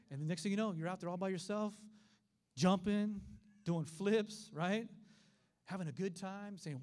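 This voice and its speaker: A middle-aged man preaching a sermon, telling stories in an animated way and acting out the voices of the people in them. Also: sits high, a little fast. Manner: animated storytelling with acted voices.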